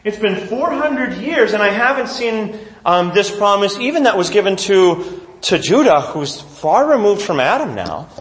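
A man teaching a Bible lesson to a class with handouts, retelling the story in an animated, conversational way. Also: high-pitched, unhurried, reverberant.

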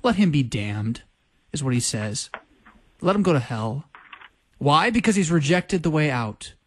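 A man teaching a bible study on a radio talk show, speaking with passion and emphasis, breaking into quick laughs. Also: on the high side, very animated. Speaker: pastor.

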